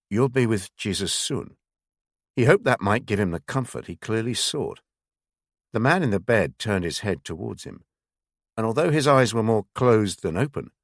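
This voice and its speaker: A man narrating a thriller audiobook in a measured, expressive way. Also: fairly low pitch, no room sound, studio quality. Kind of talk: scripted narration.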